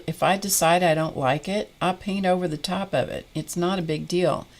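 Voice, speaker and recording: A woman with a low voice talks slowly and easily while she paints on a live stream. She drifts into long personal stories, then breaks off to greet viewers in the chat by name. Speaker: art instructor hosting a live painting stream.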